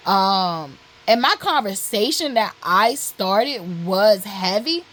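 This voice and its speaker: A woman's voice: mid-range voice, a bit bright, poor audio. A woman vlogger telling a personal story candidly, blunt and profane, with lots of "like" and "literally" fillers.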